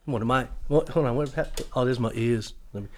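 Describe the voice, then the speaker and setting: A man's voice: mid-range voice, a little fast, a little mellow. A man in a band, chatting in a laid-back way between songs in a radio studio. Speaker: band member, singer. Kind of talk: casual radio studio chat.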